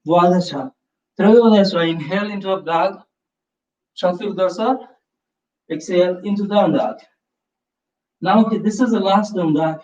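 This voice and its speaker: Calm male yoga teacher in a roomy space. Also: sits high. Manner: calm, slow step-by-step cues with breath prompts. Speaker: yoga instructor. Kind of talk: live yoga class instruction. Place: room of a live yoga class. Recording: roomy, distant, slightly dull sound.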